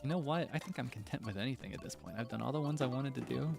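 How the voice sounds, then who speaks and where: A man's voice: mid-range voice, rapid-fire, creaky, over music. A man hosting a gaming stream, chatting casually in a playful, joking way with frequent laughter. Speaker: streamer and host. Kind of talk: casual chat while gaming.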